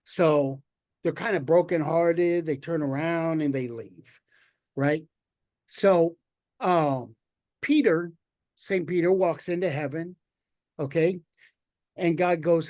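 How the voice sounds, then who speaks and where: Slow-talking male guest poet. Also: fairly high pitch, no room sound, studio quality. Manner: unhurried, relaxed telling. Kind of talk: spoken storytelling.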